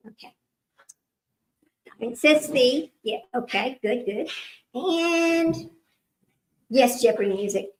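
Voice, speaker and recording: High-voiced chatty woman hosting trivia. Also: expressive, slow pace, darkish tone, a little hiss or hum, low-quality recording. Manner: rambling, chatty, laughs often, talks to viewers as y'all. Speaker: livestream trivia host. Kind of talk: casual livestream chat.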